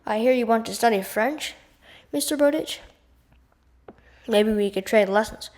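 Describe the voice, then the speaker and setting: A woman's voice: fairly high pitch, measured pace, a little mellow, close to an everyday voice. A woman voicing a fussy, insistent French shopkeeper man who speaks emphatically, in a read-aloud storybook. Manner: emphatic and fussy about pronunciation.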